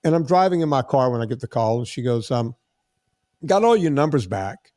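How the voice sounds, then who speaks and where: A man's voice: medium pitch, a little fast, no room sound, studio quality. A podcast host in his sixties telling a long story in casual chat, acting out the voices of the people in it. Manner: animated, acts out quoted dialogue.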